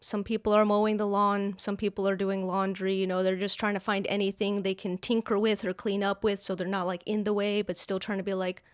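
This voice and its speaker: A woman's voice: medium pitch, level tone, a little fast, hardly any pauses, clear, resonant tone, no room sound, clean studio sound. A young woman telling a storytime monologue to camera, blunt, sarcastic and exasperated. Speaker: vlogger.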